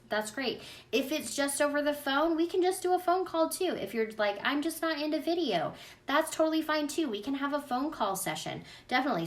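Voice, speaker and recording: Recorded from a distance, a woman with a mid-range voice answers viewers in a casual livestream Q&A. She's an energy healing practitioner, chatty and earnest as she addresses them directly.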